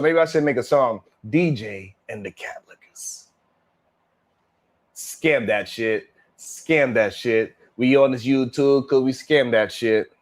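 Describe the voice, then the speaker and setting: A man hosting a casual livestream, chatting and reacting to viewers with laughs, sighs and slang. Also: mid-range voice. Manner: laid-back, laughing, sighing, drawling slang. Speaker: livestream host. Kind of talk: casual livestream chat reading super chats.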